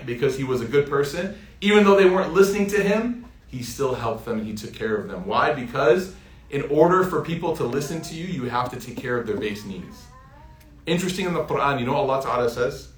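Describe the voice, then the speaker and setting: A man giving a casual religious lesson, telling stories in a lively, anecdotal way and often laughing as he talks. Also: mid-range voice. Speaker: Islamic teacher. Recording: roomy echo, speaker off-mic.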